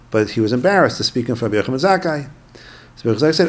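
A man's voice: medium pitch, lively intonation, very fast. A man teaching a lesson by retelling a story, breaking in with musing asides.

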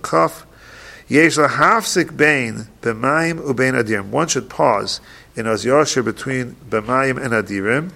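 A man teaching a halacha class, reading each Hebrew passage slowly and then explaining it in quick plain English. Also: medium pitch, gravelly, a bit bright. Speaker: Torah teacher.

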